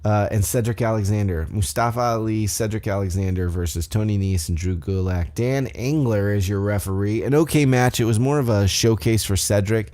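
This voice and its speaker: A podcast host goes over a wrestling show at normal speed with hardly any pauses. He's a man with a lowish, mellow voice whose loose, profane talk is full of side comments and self-corrections, all picked up by a desk microphone in his home setup.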